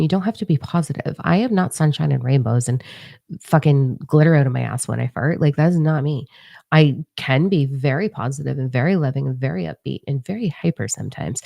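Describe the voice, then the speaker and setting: A young woman hosting a spiritual livestream, reading cards and answering viewers in a blunt, profane, animated way. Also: low voice, vocal fry, dry recording, clean studio sound. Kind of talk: casual livestream chat, tarot-style reading.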